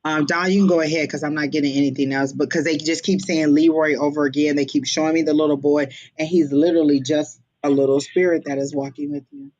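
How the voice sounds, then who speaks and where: A woman giving a psychic reading on a livestream, chatty and hesitant, with many pauses and ums. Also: sits low, fairly even intonation, a little mellow. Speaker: psychic reader. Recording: slightly dull lo-fi stream audio.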